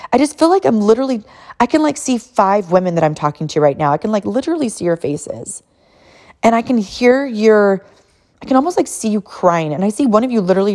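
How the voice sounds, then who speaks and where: A mother in her thirties telling an animated, emotional family story and encouraging other mothers, laughing often. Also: medium pitch.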